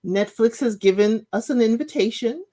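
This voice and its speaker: A woman's voice: on the high side, moderate pace, warm tone. A woman hosting her own channel, chatting casually as she recaps reality show episodes and retells the scenes in her own words.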